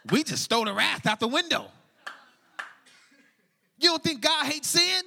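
High, bright-voiced preacher man, shouting. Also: unhurried, vocal fry, pauses often, in a large hall. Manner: energetic, shouting and dropping to a hush, casual slang. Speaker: pastor. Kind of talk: sermon.

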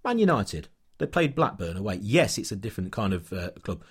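Male podcast co-host, low husky voice, animated ranter. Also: fairly quick. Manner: animated ranting, storytelling. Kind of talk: casual podcast chat.

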